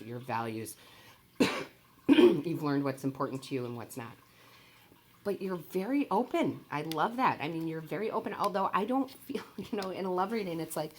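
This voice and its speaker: A woman giving a casual, chatty tarot reading straight to her viewers, rambling and enthusiastic and often breaking into laughter. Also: very deep voice. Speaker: tarot reader and medium.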